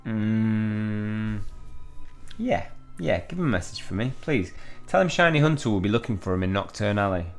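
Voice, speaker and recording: Jokey guy doing a lets play, lowish voice, reads the game text and riffs on it. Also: big pitch swings, faint music behind. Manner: playful, jokey, quick to laugh at himself. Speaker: gaming YouTuber. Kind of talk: casual let's-play commentary, reading game text aloud.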